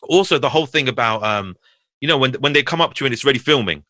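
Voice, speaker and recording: A man, an animated, slang-heavy comedy actor swearing freely as a podcast guest. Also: medium pitch, rapid-fire, no echo, clean studio sound. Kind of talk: casual podcast chat.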